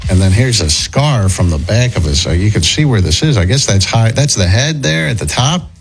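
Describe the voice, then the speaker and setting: A man's voice: on the low side, lively intonation, normal speed, faint music behind, poor audio. A man hosting a casual commentary chat, talking in a conversational way with restarts as he reacts and thinks aloud. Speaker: host.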